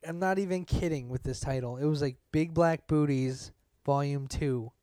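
A man's voice: a little high, normal speed, warm tone, smooth, no echo, clean studio sound. A young man telling a ranting story in casual chat, exasperated and swearing, acting out what others said. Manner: exasperated, swearing, acts out quotes.

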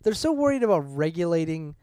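A man's voice: on the high side, big pitch swings, fast, mellow, no echo, studio quality. A young man telling a ranting story in casual chat, exasperated and swearing, acting out what others said. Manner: exasperated, swearing, acts out quotes.

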